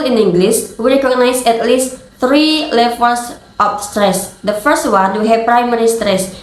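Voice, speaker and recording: A young woman student giving a scripted class presentation, reading steadily and deliberately. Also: on the high side, reverberant, rough recording.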